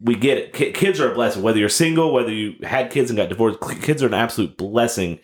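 A man co-hosting a casual Christian podcast, talking earnestly and stumbling over restarts. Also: mid-range voice. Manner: earnest, halting with many restarts. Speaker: podcast co-host.

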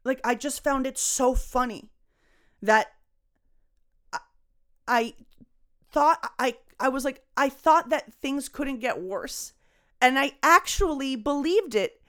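A young adult woman, a comedian, talking casually on a podcast in a rambling, expressive way, swearing and laughing often. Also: high-pitched, slow, long pauses. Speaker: guest comedian.

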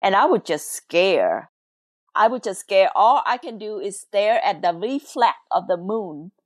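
A woman's voice: medium pitch, sing-song, a little slow, dry recording, clean studio sound. A woman from Laos, earnestly telling her family's story as a podcast guest, her English grammar loose. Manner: earnest, emotional, non-native English grammar. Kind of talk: personal storytelling in an interview.

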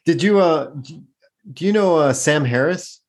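A man's voice: fairly high pitch, animated, moderate pace. A man hosting a podcast in casual conversation, engaged and thoughtful, with frequent "uh" fillers.

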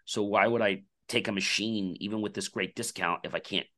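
Low-voiced man telling a lively story. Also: brisk. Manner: animated storyteller acting out quoted dialogue. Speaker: podcast guest, company founder. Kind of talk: anecdotal storytelling in a conversation.

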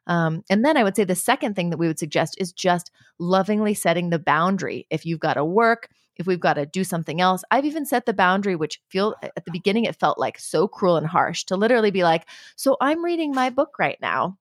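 A woman's voice: on the low side, lively intonation, fast talker, few pauses, dry recording, clean studio sound. A woman guest speaking earnestly and emphatically, giving parenting advice in conversation, often in lists.

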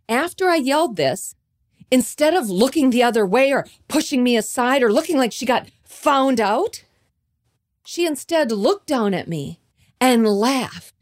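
Female devotional podcast host, fairly high and very expressive, slow delivery. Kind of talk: devotional storytelling talk.

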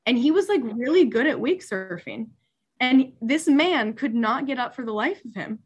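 Animated young woman telling a wild story. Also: on the high side, moderate pace, husky. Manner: animated, laughing, lots of "like" fillers. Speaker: superyacht stewardess, guest. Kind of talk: casual storytelling chat.

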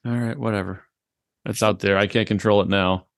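Male co-host in his thirties from New England, lowish pitch, dry close recording, wry and mock-exasperated. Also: fairly even intonation, brisk, dry recording. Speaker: podcast co-host. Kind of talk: casual chat.

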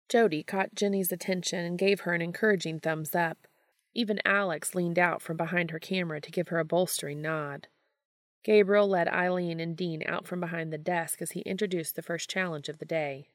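A woman reading fan fiction aloud in a steady, low-key storytelling manner. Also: fairly quick, dry recording, studio quality. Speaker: podcast reader.

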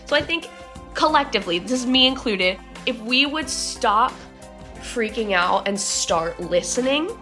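A woman's voice: on the high side, lively intonation, a little slow, pushed and bright, faint music behind. A young woman hosting a casual daily devotional podcast, chatty and upbeat, often saying "like.". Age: young adult. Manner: chatty, upbeat, uses "like" a lot.

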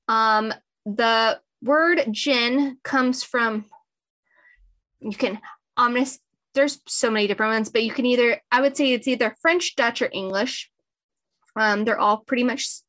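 A woman's voice: fairly high pitch, unhurried, sharp tone. A young adult woman co-hosting a podcast, casually explaining history with small stumbles. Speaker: podcast co-host.

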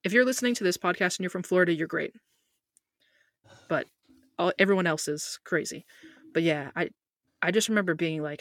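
Young woman guest on a podcast, rambling and animated, lots of "like", dry close mic. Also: fairly low pitch, a little fast, pauses often, no room sound. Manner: animated, talkative, heavy use of "like". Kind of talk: casual chat.

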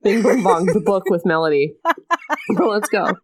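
A woman's voice: medium pitch, animated, a little slow, breathy edge. Frank, chatty young woman. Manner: chatty, frank, laughs often. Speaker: podcast co-host. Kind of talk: casual chat.

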